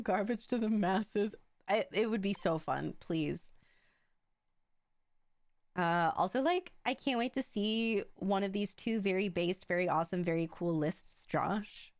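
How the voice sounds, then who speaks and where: A young woman streaming a card game, chatting casually in an animated way and laughing often. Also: mid-range voice, no echo. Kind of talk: casual chat while playing a card game.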